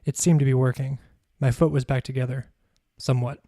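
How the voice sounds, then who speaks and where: A man, a podcast host, reading his own memoir aloud in a measured, even storytelling manner. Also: mid-range voice, creaky, no room sound, studio quality.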